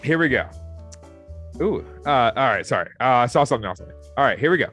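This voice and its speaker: A man's voice: mid-range voice, faint music behind. A man co-hosting a casual sports podcast, teasing his partner and laughing readily. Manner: animated, quick to laugh, teasing. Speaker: podcast co-host.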